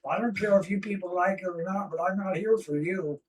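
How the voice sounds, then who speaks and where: A man who is a livestream regular speaks in a halting, gruff way with fillers. His voice sits fairly high and sounds distant, as if he is standing a few steps from the mic. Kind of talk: casual livestream chat.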